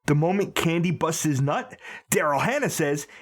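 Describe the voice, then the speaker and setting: A man's voice: on the high side, moderate pace. A man in his early forties co-hosting a comedy movie podcast, spinning absurd gross-out bits. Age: early 40s. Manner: spins absurd gross-out bits, pushy and animated. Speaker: podcast co-host.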